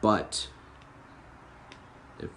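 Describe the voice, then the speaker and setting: A young man hosts a podcast and launches into an angry political rant packed with profanity and bitter sarcasm. He draws out his words, and the recording is very noisy.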